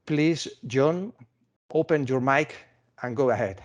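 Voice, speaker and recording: A man presenting and moderating an online conference with a steady, deliberate delivery. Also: medium pitch, muffled recording.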